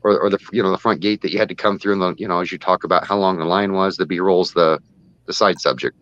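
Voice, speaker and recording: A man's voice: low voice, steady tone, quick pace, fairly bright tone, no echo, highs cut off. A man chatting on a live stream, rambling through his explanations with lots of fillers. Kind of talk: casual live-stream chat.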